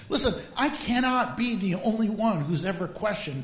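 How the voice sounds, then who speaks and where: A man preaching as a pastor in a lively, humorous way, drawing out emphatic phrases. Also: sits high, normal speed, hardly any pauses. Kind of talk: sermon. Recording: echoey hall.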